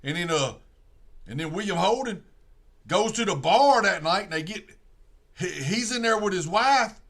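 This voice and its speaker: A man with a drawl rambles through a movie plot, starting over and over. His voice sits high and sounds bright and forceful. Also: animated, normal speed. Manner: rambling, drawling retelling with many restarts. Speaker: streamer. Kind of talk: casual storytelling, retelling a movie plot.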